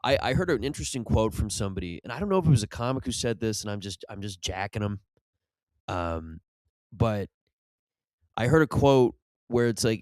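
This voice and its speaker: A man's voice: fairly low pitch, lively intonation, fairly quick, darkish tone, no room sound. A man hosting a comedy podcast, rambling through a casual monologue with restarts and sudden mock-ad bursts. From Irish family background. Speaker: comedian host.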